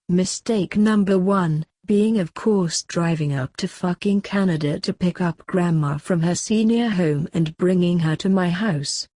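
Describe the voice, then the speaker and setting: Deadpan woman narrating in a dry studio. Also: lowish voice, dry recording. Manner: deadpan, crude, sardonic. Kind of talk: scripted story narration.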